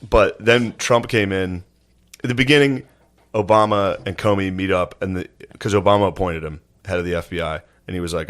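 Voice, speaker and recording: A man's voice: sits low, steady tone, a little fast, a bit bright. A man in his thirties co-hosting a comedy podcast, telling laid-back stories, acting out quotes and laughing often. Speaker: podcast co-host. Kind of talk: casual comedy podcast chat.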